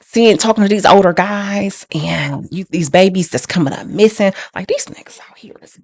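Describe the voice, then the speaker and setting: In candid personal storytelling, a young woman recounts her life casually and emphatically, laughing through the hard parts and repeating phrases to drive them home. She has a medium-pitched, slightly rough voice and a moderate pace, recorded without echo.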